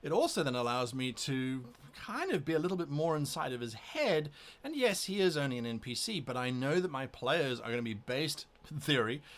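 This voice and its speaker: Before running a tabletop session, a man talks casually to camera about how he prepares, thinking out loud as he goes. He's the game master, with a medium-pitched, fairly bright voice.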